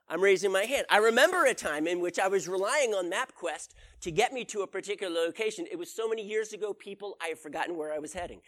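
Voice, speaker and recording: Speaking fast with lively intonation, this preacher has a high-pitched, fairly bright voice. His sermon is conversational, built on stories and questions aimed at the listeners.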